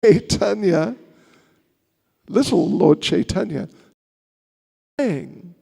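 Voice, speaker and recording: A man's voice: high-pitched, lively intonation, very slow, creaky, mellow, slightly rough, long reverb tail. A man, a monk at a seminar, telling a sermon story in a playful way with chatty asides to the audience.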